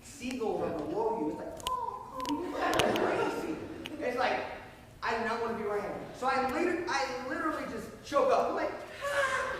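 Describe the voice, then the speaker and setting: A young man in his twenties telling a story to an audience, excitable and animated, acting out scenes with shouts and sound effects. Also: very high-pitched, quick pace. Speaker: motivational speaker. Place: large hall. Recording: echoey hall from far off, noisy.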